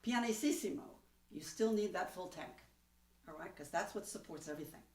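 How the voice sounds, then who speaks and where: A woman gives a one-on-one singing lesson, encouraging her student and demonstrating breath exercises. Her voice moves through a lively range of pitch. The room is echoey and she sounds set back from the microphone. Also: moderate pace, far from the mic. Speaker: voice teacher.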